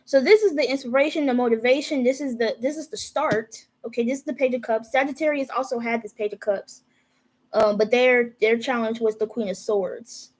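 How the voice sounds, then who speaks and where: A woman's voice: a little high, a little fast, low-quality recording. A young woman giving a casual, profane tarot reading, talking straight to her viewers. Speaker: tarot reader.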